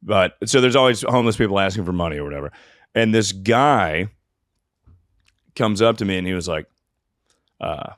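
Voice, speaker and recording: A man with a fairly low voice tells rambling, self-mocking stories on a comedy podcast, swearing freely as he goes. His voice is recorded close and dry, with no room sound. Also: lively intonation, normal speed, long pauses, no room sound. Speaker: podcast host. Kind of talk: casual comedic storytelling.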